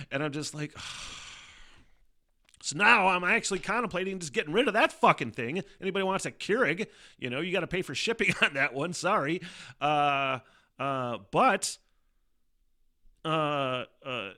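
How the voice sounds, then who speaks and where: A man's voice: mid-range voice, pushed and bright. A man hosting a casual solo podcast, rambling and swearing a lot, often laughing and sighing in exasperation. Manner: sighs and mutters in exasperation. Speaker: podcast host.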